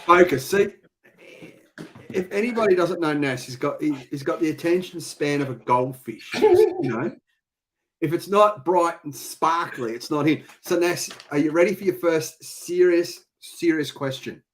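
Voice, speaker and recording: A man's voice: on the high side, moderate pace. An Australian man hosting a casual live-stream chat, teasing and bantering with his guest. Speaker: host.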